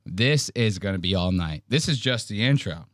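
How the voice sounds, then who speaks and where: A male podcast host talks in an animated, profane way, his pitch jumping all over as he acts out the people he quotes. The sound is dry and close, with almost no room echo. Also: moderate pace. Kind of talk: casual commentary on clips.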